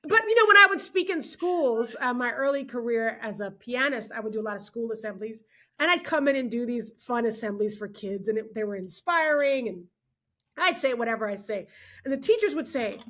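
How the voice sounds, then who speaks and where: Bright, high-voiced animated woman speaker. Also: fairly quick. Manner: expressive, preacherly, laughs often. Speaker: guest speaker. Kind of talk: animated podcast conversation.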